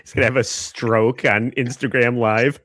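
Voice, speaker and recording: A man's voice: mid-range voice, little pitch movement, normal speed, a bit bright. A man co-hosting a podcast, tossing out joking, laughing quips in casual chat. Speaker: podcast co-host.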